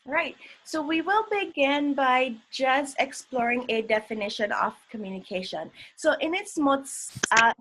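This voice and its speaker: A woman's voice: on the high side, a bit bright. A woman presenting an educational session, explaining ideas step by step and checking in with "right?". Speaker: workshop presenter.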